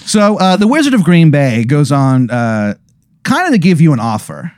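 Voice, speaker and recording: A man's voice: fairly high pitch, sing-song, moderate pace, darkish tone, no room sound, clean studio sound. Rambling, profane comic storyteller man. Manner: rambling, profane, lots of fillers. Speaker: podcast co-host. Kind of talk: comedic storytelling.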